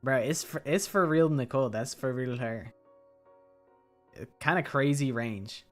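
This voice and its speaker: A man's voice: medium pitch, measured pace, fairly bright tone, faint music behind. A man streaming a game, reading the dialogue aloud and chatting casually, swearing now and then.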